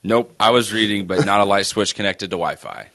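Male podcast co-host, very low pitch, forceful bright tone, dry close sound, casual banter. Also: brisk, no echo. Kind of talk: casual sports chat.

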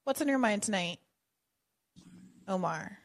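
Call-in host, woman, gravelly voice, chatty and friendly. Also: medium pitch, lively intonation, measured pace, noisy background. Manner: friendly, chatty, often drops to a murmur. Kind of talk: casual call-in chat.

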